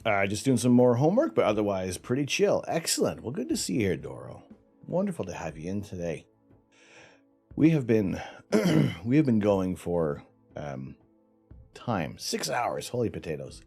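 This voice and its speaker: A man's voice: lowish voice, wildly swooping pitch, normal speed, creaky, a little mellow, husky, soft background music. A man hosting a live stream in casual, rambling chat, his tongue and lips numb, often sighing. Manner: rambling, chatty, sighs often. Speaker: livestream host. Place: home setup during night imaging.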